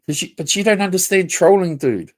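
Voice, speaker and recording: A man's voice: high voice, lively intonation, brisk. A man ranting confrontationally on a casual livestream, swearing and repeating himself. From New Zealand.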